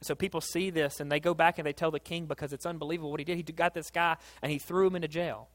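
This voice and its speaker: A man preaching a sermon, telling a Bible story in a casual, animated way that builds to excited peaks. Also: on the high side, fast talker. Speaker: pastor.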